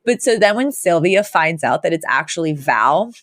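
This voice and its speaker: A woman's voice: fairly low pitch, normal speed, dry recording, clean studio sound. A woman co-hosting a podcast, retelling a TV episode in casual chat and acting out the lines. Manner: animated, acts out characters' lines while retelling. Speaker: podcast co-host.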